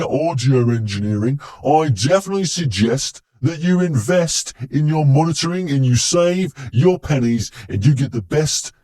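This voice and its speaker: A man's voice: mid-range voice, warm tone, lightly acted. A man voicing a generic adviser who earnestly lectures and insists.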